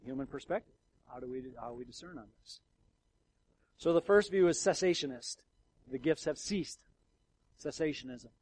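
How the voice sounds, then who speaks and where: A middle-aged male pastor preaching a sermon in a conversational way, swinging from hushed, quiet passages to loud, emotional outbursts. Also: a little high, low-quality recording. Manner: conversational with fillers and restarts.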